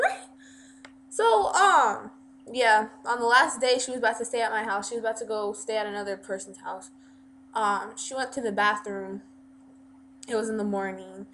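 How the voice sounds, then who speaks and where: Bright-voiced woman telling a rambling story. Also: fairly high pitch, normal speed, slight background noise. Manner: rambling, many fillers and restarts. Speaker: vlogger. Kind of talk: casual storytime.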